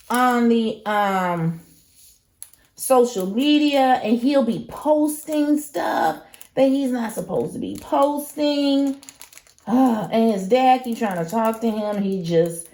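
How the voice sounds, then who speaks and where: A woman's voice: on the high side, a little slow, creaky, dark tone. A young woman hosting a crafting channel, chatting casually and emphatically with lots of slang while she works.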